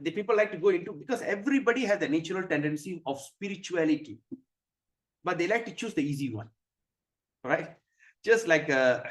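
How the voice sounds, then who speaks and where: A man giving a religious class lecture. He asks rhetorical questions and pauses to search for words. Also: a little high. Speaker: spiritual teacher.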